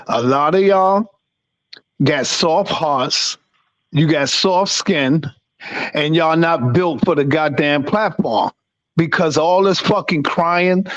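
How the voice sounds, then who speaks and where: A man's voice: fairly high pitch, fairly bright tone. A man lecturing a group in a heated, profane rant during a panel debate. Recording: dull lo-fi sound.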